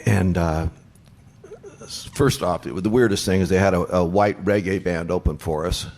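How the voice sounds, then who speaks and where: A man in his sixties telling band road stories on stage before an audience, animated and acting out the voices of people in his stories. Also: sits low, moderate pace. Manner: animated storyteller, acts out quoted voices. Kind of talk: onstage storytelling panel.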